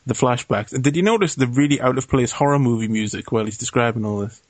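A man in a joking, animated film podcast chat, poking fun and swearing freely. His voice sits at an ordinary pitch, recorded close and dry. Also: quick pace, dry recording. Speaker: podcast co-host. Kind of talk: casual film review chat.

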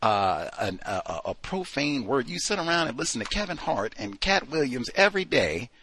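A man hosting a book club discussion, reading passages aloud and commenting on them in an animated, exclaiming way. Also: medium pitch, moderate pace, slight background noise.

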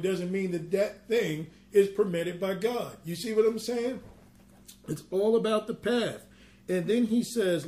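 A man ministering a sermon, reading scripture slowly and then explaining it in an earnest, conversational way with personal asides. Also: high voice, darkish tone. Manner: reads scripture slowly in King James wording.

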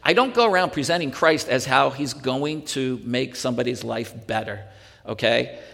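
A man's voice: mid-range voice, moderate pace, vocal fry, a bit bright, long reverb tail. A male pastor teaching a sermon in earnest, pressing the point with rhetorical questions and restarting his sentences.

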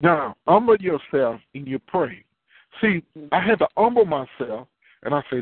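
Preaching a sermon conversationally, this man poses questions to his listeners and then answers them himself. His somewhat high voice moves with lively intonation at a slightly fast clip. The recording sounds tinny, like a phone line, and is dry with no room sound.

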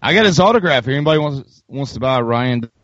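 A Southern American man hosts a casual podcast chat, and his voice bounces widely in pitch as he laughs through his stories. The sound is dry and dull, like lo-fi call audio. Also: fast talker, dry recording. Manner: lively, laughing storyteller. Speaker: podcast host.

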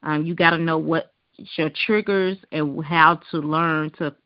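A woman's voice: low voice, steady tone, measured pace, no room sound. A woman radio host, speaking in supportive casual chat from her own experience. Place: radio studio. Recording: dry, muffled radio audio.

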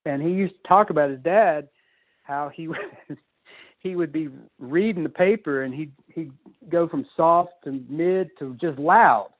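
A man's voice: on the high side, unhurried, dry recording. A man with a slightly raised voice tells a casual story, laughing throughout. The call audio is dry and dull. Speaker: call participant.

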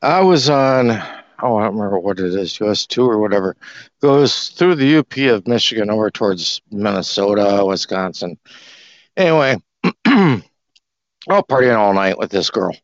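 A man on a group call, rambling loosely through an explanation and a story, clearing his throat now and then. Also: lowish voice, lively intonation, moderate pace, no echo. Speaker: discussion group participant. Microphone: call audio. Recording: dry, dull lo-fi call audio.

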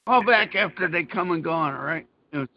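High-pitched gravelly man, rambling and profane. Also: lively intonation, brisk, muffled recording. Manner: rambling, profane, stammering restarts. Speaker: podcast host. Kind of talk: casual profane banter.

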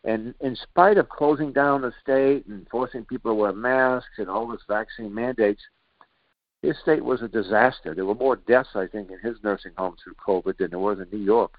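A man's voice: lowish voice, moderate pace, dry recording, phone-quality sound. Indignant rambling male radio host. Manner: indignant, rambling with many fillers and restarts. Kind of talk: political commentary monologue.

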